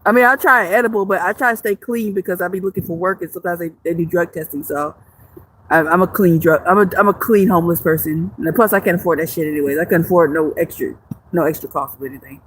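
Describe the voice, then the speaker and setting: A woman livestreamer with a lowish voice talks fast, reading viewer comments in a casual chat. She's blunt and joking, swears freely, and rambles with lots of restarts. There's a little hiss or hum on the recording.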